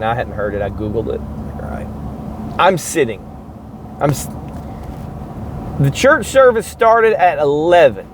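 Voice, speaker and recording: A man's voice: a little high, very animated, normal speed, slight background noise, rough recording. A man hosting a podcast, talking in a casual, mocking monologue and acting out sounds and chants as he goes. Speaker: podcast host.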